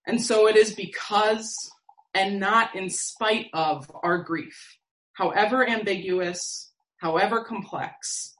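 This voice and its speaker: Woman preacher, calm measured sermon delivery, recorded in a roomy space. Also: mid-range voice. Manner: slow, measured, reflective delivery with long pauses.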